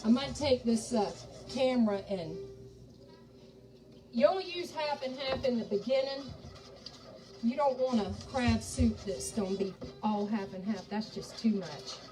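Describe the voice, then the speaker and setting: A woman's voice: fairly high pitch, a little slow, dark tone, far from the mic, rough recording. Folksy Southern woman cooking live. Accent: Southern American. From Charleston, South Carolina. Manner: folksy, chatty, talks to viewers as y'all while cooking. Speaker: cooking show host. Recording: voice a bit off-mic with faint music behind.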